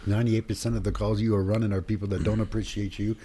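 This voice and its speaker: A man's voice: on the low side, fast, slight background noise. A man hosting a podcast and speaking passionately about his years of emergency calls. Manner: animated, rising with emotion. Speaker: podcast host, former paramedic. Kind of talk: casual podcast conversation.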